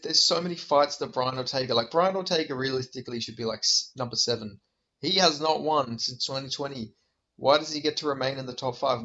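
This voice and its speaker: A man's voice: medium pitch, bright, forceful tone, lo-fi sound. A man ranting in a vlog about fighters, heated, profane and exasperated, firing off rhetorical questions. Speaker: MMA commentator.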